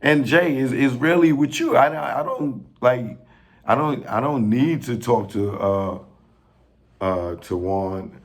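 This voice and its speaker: A man in a casual rant to camera, pleading and joking, with slang and sudden rises in pitch when he gets worked up. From New York. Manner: slow, pleading, street slang, laughs at own jokes, pitch jumps when worked up. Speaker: filmmaker addressing industry figures.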